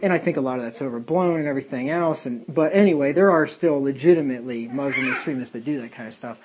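A man's voice: mid-range voice, fast, muffled recording, noisy background. A man leading a casual Bible study, talking in a rambling, conversational way with many fillers and tangents. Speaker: Bible teacher.

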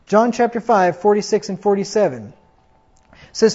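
Fiery high-voiced man preaching. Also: lively intonation, moderate pace, a little mellow, muffled recording. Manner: fiery, mocking, reads scripture aloud. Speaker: pastor. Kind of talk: sermon.

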